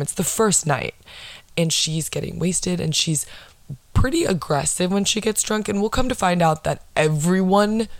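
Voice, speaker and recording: A woman vlogger telling a story in a blunt, profane, excitable way, casually recapping a show. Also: deep voice, no echo.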